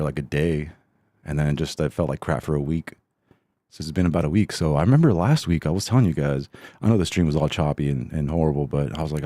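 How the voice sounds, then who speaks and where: A man's voice: rumbling low, dark tone, no echo, clean studio sound. A man hosting a solo podcast, chatting in a rambling, laid-back, self-deprecating way. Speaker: podcast host. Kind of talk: casual solo podcast chat.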